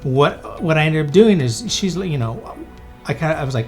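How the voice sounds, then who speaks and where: Fast-talking male podcast storyteller. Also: fairly high pitch, lively intonation, a little mellow, faint music behind. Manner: chatty, with many fillers and quick restarts. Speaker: podcast host and photographer. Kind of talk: casual storytelling.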